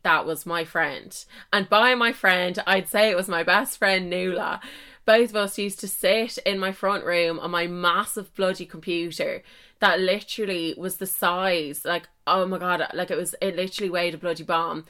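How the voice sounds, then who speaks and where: A woman's voice: fairly low pitch, bright, forceful tone. A young woman hosts her own podcast in a loose, chatty solo monologue. She pokes fun at herself and drops mild swears all through her talk. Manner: chatty, self-mocking, swears mildly. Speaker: podcast host. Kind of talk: casual solo podcast chat.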